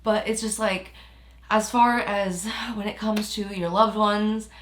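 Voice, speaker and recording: A woman's voice: mid-range voice, fairly even intonation, measured pace, echoey room, a little hiss or hum. A young woman vlogging about her feelings, close to tears, rambling with lots of fillers. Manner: rambling, heavy use of "like", emotional. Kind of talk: emotional personal vlog talk.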